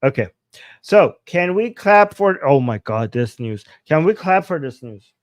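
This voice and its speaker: A man's voice: fairly high pitch, sing-song, unhurried, no room sound, clean studio sound. Easygoing, laughing man co-host. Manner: easygoing, laughs a lot, hesitant restarts. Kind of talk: casual livestream chat.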